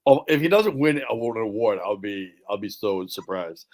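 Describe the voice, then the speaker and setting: A man co-hosting a casual movie podcast, excitable and swearing freely as he hypes things up. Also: lowish voice, moderate pace. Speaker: podcast co-host. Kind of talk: casual chat.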